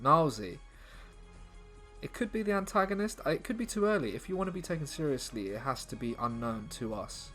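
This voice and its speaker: A man with a voice of ordinary pitch for a man muses aloud on a live stream while he writes a script. He trails off and chats with his viewers, and faint music plays under him. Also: a bit bright. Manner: musing, trails off, chatty with viewers. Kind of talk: livestream, thinking aloud.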